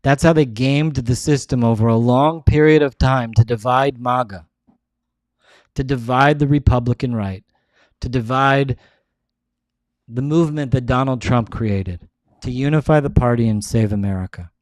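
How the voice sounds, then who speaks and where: A man's voice: medium pitch, normal speed, no room sound. A man hosting his show, talking in a casual, rambling monologue full of restarts. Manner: rambling, restarts often, many "like"s. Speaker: show host.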